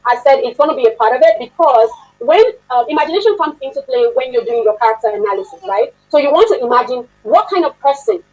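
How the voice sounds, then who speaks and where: A woman's voice: high-pitched, lively intonation, fast, hardly any pauses, a little mellow, poor audio. A woman instructor giving a chatty online workshop lecture, often laughing and asking the class questions.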